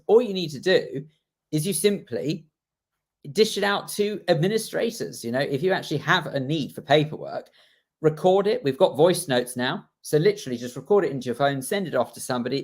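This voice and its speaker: A man co-hosting a radio talk show, ranting with emphasis and correcting himself as he goes. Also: a little high. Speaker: radio co-host.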